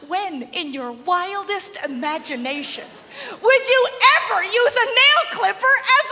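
A woman from Canada doing a stand-up comedy set, animated and laughing often as she acts out little voices. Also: very high-pitched, measured pace. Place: comedy club stage before a live audience. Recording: live hall recording with crowd noise.

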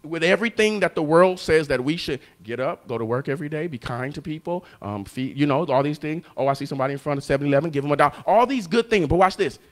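A male pastor preaching a sermon, telling a story and calling out to the congregation, moving between quiet and loud. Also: on the high side, expressive, fast talker, hardly any pauses. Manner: call-and-response preaching, storytelling, swings from soft to loud.

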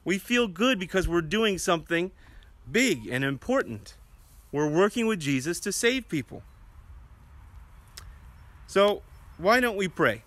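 A man giving a children's message at church, telling a story to the children in a gentle, questioning storyteller's way. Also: high voice, big pitch swings, a little slow, long pauses. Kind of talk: children's sermon.

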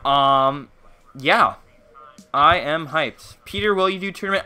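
A man's voice: on the high side, slow, bright, forceful tone, clean tone. A young man streaming a game, chatting casually and playfully, greeting viewers by name. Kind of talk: casual live-stream chat while gaming.

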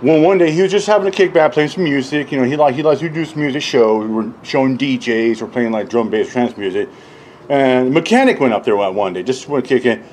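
A man ranting casually and profanely, rambling and mocking others, often laughing and mimicking them in high voices. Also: fairly quick, a little mellow, slight background noise. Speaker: YouTube commentator. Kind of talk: casual rant.

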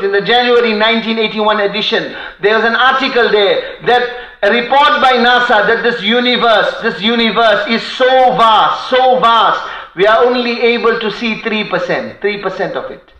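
A man preaching a sermon with passion, breaking into fast Arabic recitation of poetry, recorded in a mosque hall. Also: high-pitched, bright, forceful tone, muffled recording. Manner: impassioned, quotes Arabic poetry in rapid recitation. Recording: echoey hall.

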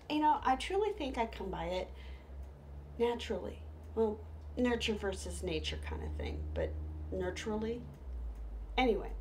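A middle-aged woman telling humorous stories, lively, with hushed whispered asides. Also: on the low side, a little hiss or hum. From United States. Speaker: storyteller. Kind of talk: humorous stage storytelling.

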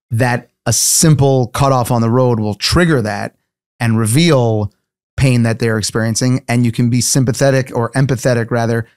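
A man co-hosting a podcast, adding his own thoughts in a measured, reflective way. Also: mid-range voice, darkish tone, clear, resonant tone, no room sound, clean studio sound. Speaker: podcast co-host. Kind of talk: casual chat.

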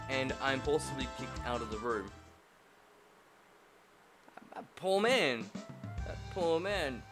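A man with a fairly high, very lively voice reads a game's narration in first person, then swerves into loud, swearing outbursts and laughing asides. Faint game music runs underneath him. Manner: profane, loud joking outbursts. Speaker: gamer reading a game aloud. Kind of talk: let's-play commentary and first-person narration.

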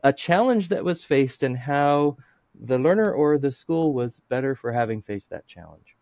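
A man hosting a podcast, asking calm, measured questions and reading the show intro. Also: medium pitch, creaky, no echo. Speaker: podcast host. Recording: dull, dry recording with faint music.

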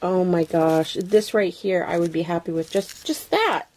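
A woman talking casually to her camera at home, gushing with excitement, exclaiming and gasping, with soft breathy asides. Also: lowish voice, normal speed. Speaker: craft vlogger. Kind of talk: casual unboxing chat to camera.

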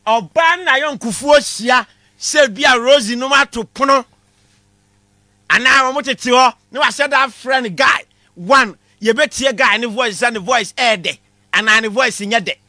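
Ghanaian male comic lecturer, very high and sharp tone, animated, punchy delivery. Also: unhurried, no room sound, clean studio sound. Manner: animated, shouting punchlines, mixing Twi with English. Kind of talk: comedy class monologue.

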